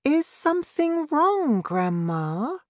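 A woman's voice: a little high, big pitch swings, slow pace, no echo, pitched above the performer's own voice. A woman voicing a kind, eager young boy in a storybook reading, calling out anxiously. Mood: worried.

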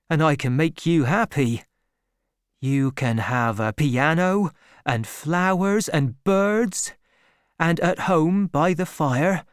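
A man voicing an earnest young shepherd farmer who gently pleads his love, in a slow, lively storybook reading. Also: fairly high pitch, clear, resonant tone, no echo, clean studio sound.

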